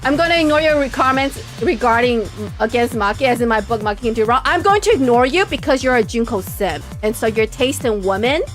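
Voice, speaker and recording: Animated, high-pitched woman ranting over a game. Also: fairly quick, hardly any pauses, faint music behind. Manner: exasperated, dramatic ranting. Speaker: VTuber streamer. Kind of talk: casual gameplay commentary.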